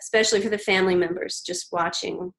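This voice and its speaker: A woman in her thirties, a podcast guest, speaks earnestly and gently, pausing and restarting as she tells a personal story. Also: on the low side, fairly even intonation, creaky, low-quality recording. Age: 30s. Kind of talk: reflective interview storytelling.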